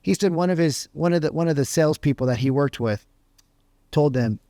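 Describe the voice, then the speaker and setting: A man's voice: on the high side, brisk, mellow, dry recording, studio quality. A man giving a motivational talk as a sales coach, emphatic and full of rhetorical questions. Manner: emphatic, asks rhetorical questions, says "right?" often.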